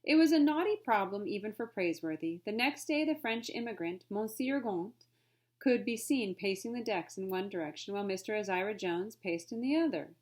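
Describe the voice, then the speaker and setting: A woman reads a children's storybook aloud. Her narration is clear and steady. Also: mid-range voice, a little fast. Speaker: reader.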